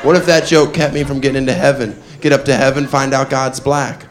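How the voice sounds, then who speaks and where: A man's voice: medium pitch, flat delivery, fairly quick. Brash male stand-up comic, live crowd. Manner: brash, self-mocking, provocative. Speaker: stand-up comedian. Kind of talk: stand-up comedy routine. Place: comedy club stage. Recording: live club with crowd laughter. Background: audience laughter and chatter.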